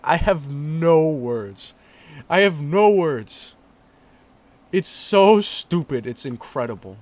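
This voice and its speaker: An exasperated man rants slowly in a casual vlog, repeating himself and breaking into disbelieving laughs. His voice sits a little high and swings widely in pitch. The recording is dull and lo-fi. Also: lively intonation.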